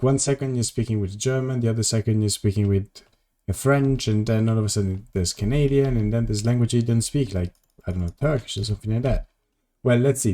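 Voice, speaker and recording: A tired man with a mellow, somewhat low voice chats casually on a live stream while gaming. He rambles and answers messages from his viewers.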